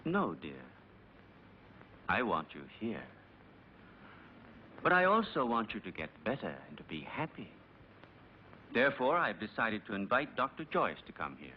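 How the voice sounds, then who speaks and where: An actor playing a calm, controlling aristocratic husband in dubbed film dialogue, smooth and patronizing. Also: male voice, lowish voice, a little slow, long pauses, slight background noise. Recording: dull old film soundtrack.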